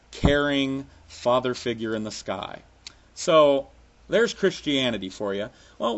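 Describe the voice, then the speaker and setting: A man's voice: fairly high pitch, a bit bright. A man ranting sarcastically with frequent profanity, in a solo comic monologue. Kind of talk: sarcastic comic rant to camera.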